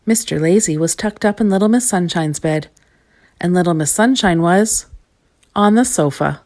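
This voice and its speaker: A woman reading a children's storybook aloud, expressive and clear. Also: on the low side, normal speed.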